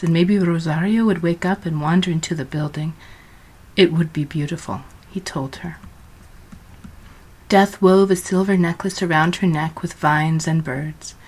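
A woman narrates a story in a measured, deliberate way. Her voice sits on the low side for a woman. The reading is steady and scripted. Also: slightly rough.

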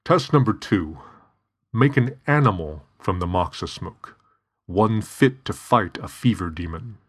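A man voicing a calm, stern old teacher. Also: lowish voice, breathy edge. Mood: instructive. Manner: measured, instructive. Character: calm, stern older male teacher-doctor.

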